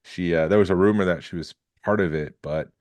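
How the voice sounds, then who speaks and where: A man co-hosting a podcast, running through news items in relaxed casual chat with jokes along the way. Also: sits low, fairly quick, no room sound. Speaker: podcast co-host.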